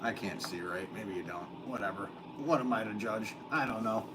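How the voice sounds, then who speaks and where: A man talks loosely to his live-stream viewers from a pottery studio, wandering between thoughts and joking at his own expense. His voice sits on the low side. A steady layer of background noise runs under everything. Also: moderate pace. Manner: rambling, self-deprecating, chuckling. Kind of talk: casual live-stream chat.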